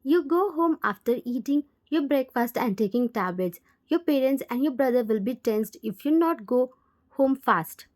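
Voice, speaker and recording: A woman's voice: high voice, animated, moderate pace, darkish tone. A woman voicing a protective man in his forties, an uncle who turns firm and scolding, in a fan fiction voiceover. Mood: caring.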